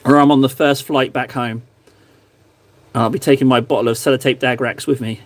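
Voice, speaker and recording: Painting miniatures at home, an English man runs a casual livestream and talks to viewers through a close streaming microphone. His mid-range voice is fairly quick and fairly even in intonation, with no room sound. He rambles, jokes, and gets self-deprecating.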